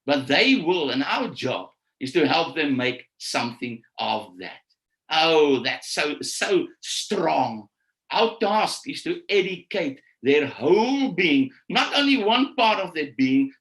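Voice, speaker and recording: A man giving a motivational talk to teachers, repeating his key phrases and slowing down to stress them. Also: a little high, big pitch swings, fairly bright tone. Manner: preachy, repeats key phrases, slows down for emphasis. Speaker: conference speaker. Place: live stream session.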